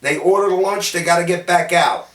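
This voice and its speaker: A man from City, telling salty anecdotes about his bartending days in a lively, gesturing way. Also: high-pitched, brisk. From Jersey City, New Jersey, US. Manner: animated, gestures while talking, salty. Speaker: storyteller, former bartender. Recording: roomy sound from a distant mic.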